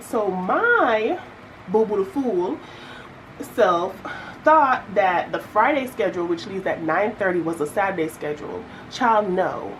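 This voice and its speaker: A young woman, chatting casually to viewers as she works through her budget, telling stories with lively asides. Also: medium pitch, slight background noise, rough recording. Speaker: budgeting vlogger. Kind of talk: casual chat while budgeting.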